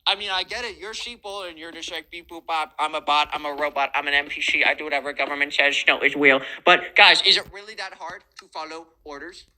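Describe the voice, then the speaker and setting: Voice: medium pitch, steady tone, fairly quick, few pauses, sharp tone, voice pushed up, poor audio. A storytelling narrator voicing a smug Gen Z schoolboy who lectures his class in a bossy, preachy way.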